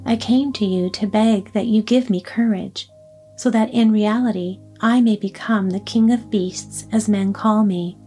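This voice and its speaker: Woman doing a cowardly lion, brash, boastful, mellow tone, storybook. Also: medium pitch, steady tone, a little slow, soft background music, natural voice.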